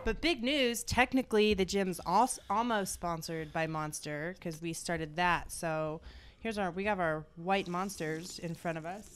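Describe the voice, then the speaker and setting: A woman's voice: lowish voice, steady tone, measured pace, clear, resonant tone, soft background music. Brash, joking young woman podcast host. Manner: brash, swears freely, loud and joking. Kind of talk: casual podcast chat.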